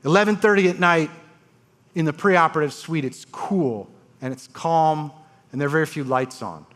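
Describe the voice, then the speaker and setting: Male transplant surgeon, stage storyteller, dramatic pacing, a touch high-pitched. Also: a bit bright. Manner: dramatic, uses pauses and voiced quotes. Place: conference stage before an audience.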